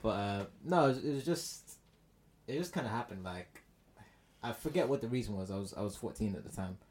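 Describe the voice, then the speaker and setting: A man's voice: on the low side, animated, brisk, darkish tone, a little hiss or hum. A man from Ireland with a mixed Irish accent tinged with American, chatting and joking as a podcast host. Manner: laid-back, joking, teasing. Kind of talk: casual chat.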